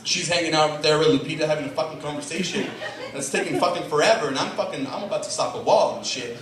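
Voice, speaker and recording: A man's voice: fairly high pitch, quick pace, a crowd in the background. A young man performing a profane stand-up set as a comedian on a club stage, telling a story with voices he acts out. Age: young adult. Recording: echoey club recording from far off. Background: audience laughter.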